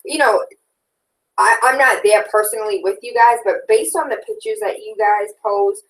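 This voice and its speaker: A woman's voice: mid-range voice, moderate pace, recorded from a distance, a little hiss or hum, rough recording. A woman hosting a casual interview, chatty and openly emotional, encouraging her guest. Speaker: radio host.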